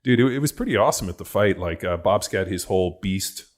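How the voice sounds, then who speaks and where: A man hosts a podcast in a very low, deep voice. He tells stories in an excitable, profane, bro-ish way, full of "dude" and "like.". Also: fast. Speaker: podcast host. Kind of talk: casual podcast chat. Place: podcast studio.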